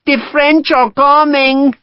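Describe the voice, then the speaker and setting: A man voicing a spiteful, malevolent old noblewoman who taunts and mocks in a high, drawn-out sing-song. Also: level tone, no room sound. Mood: mocking. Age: older. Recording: dull dry audiobook recording.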